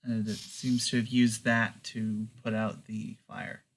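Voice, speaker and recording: A man narrating as game master of a tabletop game, in slow, halting narration with many fillers. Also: on the low side, level tone.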